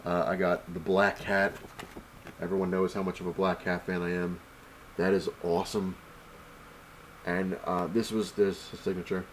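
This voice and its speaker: A young man with a deep, low voice talks casually at home, rambling through his story with lots of "um" and "I was like." A faint hum of room ambience sits underneath. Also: flat delivery, moderate pace, pauses often, low-quality recording. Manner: rambling storyteller, many fillers and "I was like" quotes. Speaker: comic collector vlogger. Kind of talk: casual convention haul recap.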